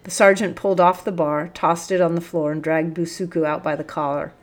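A woman reading a storybook aloud in a steady, expressive narration. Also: lowish voice, fairly quick.

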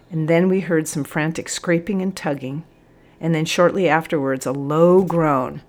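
A woman narrating a first-person story in a scripted reading. Her voice sits somewhat low for a woman, and her tone is earnest and reflective. She moves steadily through both the action and the quieter thoughtful passages. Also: fairly even intonation, normal speed.

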